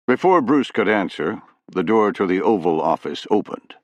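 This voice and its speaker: A man narrating a third-person thriller audiobook in a steady read. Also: sits low, moderate pace, few pauses, dry recording.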